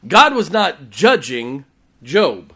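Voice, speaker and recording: Pastor, male, slightly high voice, punchy sermon delivery. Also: very animated, takes it slowly, a bit bright, husky. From West Virginia. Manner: emphatic preaching, voice rising and falling, repetitive for effect.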